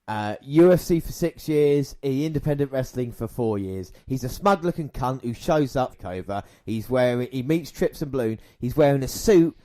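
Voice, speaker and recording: A man's voice: mid-range voice, expressive, moderate pace, hardly any pauses, dark tone. A man hosting a podcast in casual chat, crude and sarcastic, swearing freely and often mimicking the people he talks about. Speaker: podcast host. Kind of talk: casual chat reviewing wrestling content.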